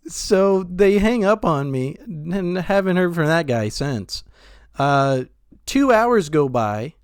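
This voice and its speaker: A young man co-hosting a casual podcast, an animated storyteller who laughs often. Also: fairly high pitch, slow pace, clear, resonant tone, no echo, studio quality. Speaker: podcast co-host.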